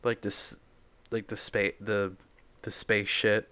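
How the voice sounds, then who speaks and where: A man's voice: on the low side, flat delivery, slow pace, sharp tone, clear, resonant tone. A man hosting a podcast, delivering a rambling, stammering comedic monologue full of crude jokes. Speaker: podcast host.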